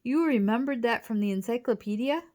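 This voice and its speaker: Woman doing an excitable young boy. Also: fairly high pitch, a little fast, pitched above the performer's own voice, close to an everyday voice. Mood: admiring. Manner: shouting, breathless.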